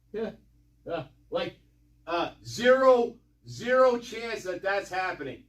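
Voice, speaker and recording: A man's voice: high voice, expressive, slow pace, reverberant, recorded from a distance. A man giving mocking, sarcastic commentary, swearing and rambling with lots of repetition. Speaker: online commentator.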